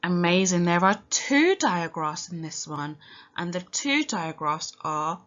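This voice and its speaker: A woman with a British accent teaching a recorded phonics lesson for young children, speaking slowly and clearly and sounding out each letter encouragingly. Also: fairly low pitch, sing-song, fairly bright tone. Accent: British English. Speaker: primary school teacher. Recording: dull lo-fi home recording.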